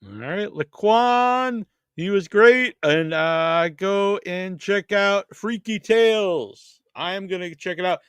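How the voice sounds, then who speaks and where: A man's voice: high voice, takes it slowly, fairly bright tone, smooth, dry recording. A man hosting a podcast in casual chat, chatty and thinking aloud as he searches online. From Massachusetts. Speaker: podcast host.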